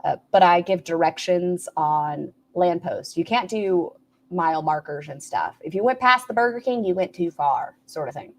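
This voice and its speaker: Woman on a livestream, kinda low voice, rambly, reading comments out loud. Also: normal speed. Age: adult with a son. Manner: rambling, reads and answers chat aloud. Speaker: livestream host. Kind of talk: casual live-stream chat.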